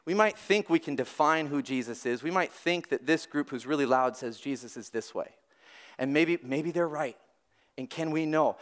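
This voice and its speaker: A man preaching a weekend sermon, lively and conversational, with restarts and dramatic swings between loud and soft. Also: fairly high pitch. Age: adult parent. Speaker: pastor.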